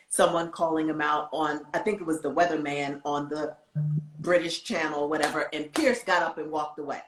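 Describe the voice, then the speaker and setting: A woman co-hosting a casual talk show, chatting and recounting events with animated energy. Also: low-pitched, roomy sound, poor audio. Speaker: co-host.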